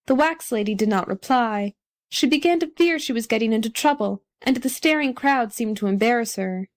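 A woman reads a children's story aloud in an even, clear storytelling voice. Her voice sits a bit high. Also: normal speed. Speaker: narrator. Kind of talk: storybook audiobook reading.

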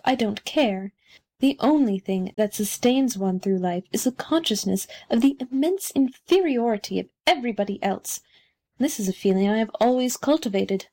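A woman's voice: a little high, a little mellow. A woman voicing a pompous, conceited male firework rocket in a storybook reading, haughty and self-important.

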